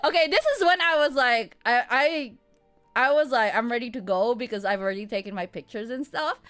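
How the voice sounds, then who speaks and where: A woman streamer telling a story in casual chat, animated, laughing often and swearing freely. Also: a little high, fairly quick, soft background music.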